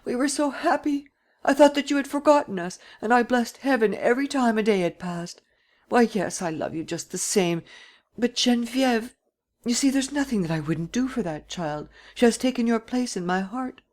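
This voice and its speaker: A woman's voice: on the high side, normal speed, darkish tone, pitched above the performer's own voice, close to an everyday voice. A woman reading an audiobook and voicing an elderly woman, protective and anxious, who pleads with a tremulous, sometimes whispered voice. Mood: pleading.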